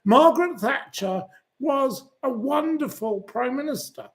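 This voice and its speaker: A man's voice: high voice, lively intonation, slow pace. A man hosting a livestream, reading viewer comments aloud and ranting and swearing at commenters. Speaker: channel host.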